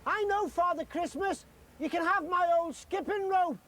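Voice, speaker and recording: A man voicing an eager, polite little girl in a storybook reading, sounding excited and earnest. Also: very high-pitched, normal speed, slight background noise, voice pushed up.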